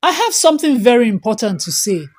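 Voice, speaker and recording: A woman voicing a young wife who speaks calmly but firmly, at times pleading. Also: a little high, fast talker, slightly rough. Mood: earnest. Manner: calm but firm, pleading.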